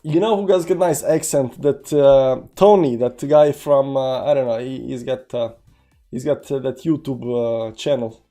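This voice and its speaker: Over faint music, a man with a mid-range, dark-toned voice speaks at a moderate pace. He hosts a casual crypto trading livestream in non-native accented English, rambling through charts and reading chat aloud with plenty of fillers.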